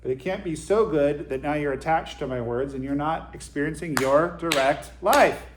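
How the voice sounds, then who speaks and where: A man's voice: a little high, a little fast, background noise. A man giving an informal Zen Dharma talk to his group, conversational with dry self-deprecating humor. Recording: roomy echo.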